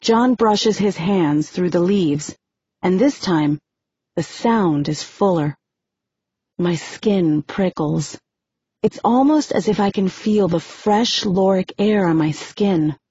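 A woman narrating a novel in the first person, steady and measured, on a dry, muffled recording. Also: lowish voice, husky, dry recording. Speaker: audiobook narrator.

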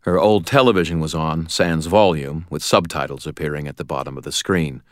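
A man narrating an audiobook in a wry, expressive storytelling manner. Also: very deep voice, fairly quick, no echo, clean studio sound.

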